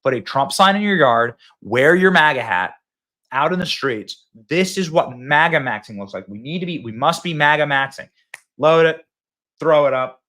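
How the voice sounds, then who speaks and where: A man's voice: a little high, lively intonation, normal speed, sharp tone. A man hosting a political commentary show, hyped and rallying, talking straight to his viewers. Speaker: show host.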